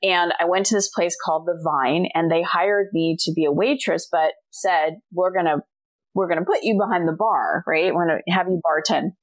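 A woman's voice: lowish voice, moderate pace. A middle-aged woman, a guest author, telling a personal story in a casual interview and acting out the dialogue. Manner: animated storyteller, acts out quoted dialogue.

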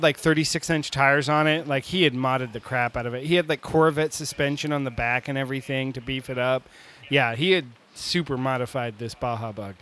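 Guy in his 40s, bright voice, rambling story with lots of likes and laughs. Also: a little high. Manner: animated, laughs often, many "like" fillers. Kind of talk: casual storytelling.

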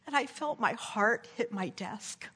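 Husky-voiced woman preaching in a hall. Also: fairly high pitch, expressive, measured pace, bright, forceful tone. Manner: earnest storytelling, tags with "right?". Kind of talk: sermon with closing prayer. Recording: long hall reverb.

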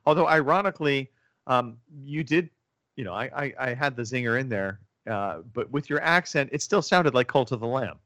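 A man's voice: medium pitch, lively intonation, moderate pace, a bit bright, dry recording. A man hosting a casual gaming podcast, rambling with lots of fillers and restarts. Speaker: podcast host. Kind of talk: casual chat about video games.

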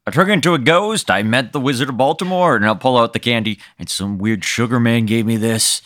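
A man playing in a comedic tabletop game who answers in terse, deadpan replies. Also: medium pitch, a little fast, dry recording, studio quality. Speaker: player. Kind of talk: improvised comedic game play.

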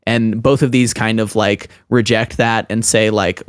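A man's voice: fairly low pitch, level tone, measured pace, hardly any pauses, smooth, dry recording. Man chatting in a dry, close sound. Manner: rambling, thinking aloud with many restarts. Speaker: podcast co-host. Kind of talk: casual chat.

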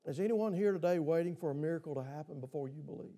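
Speaking quickly in a warm, somewhat high voice, a man leads a church sermon as pastor, repeatedly turning to the congregation with questions.

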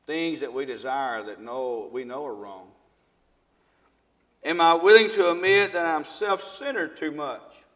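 A man's voice: on the high side, measured pace, a bit bright. A middle-aged man giving a conversational live sermon to a congregation, asking the audience questions and often repeating himself. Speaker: lay preacher and school teacher. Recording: long reverb of a large hall.

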